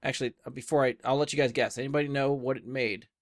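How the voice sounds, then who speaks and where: A man hosts a relaxed movie review chat, laughing often between points. His voice sits at a middling pitch. The sound is dry and close. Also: fast, no echo. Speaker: podcast host.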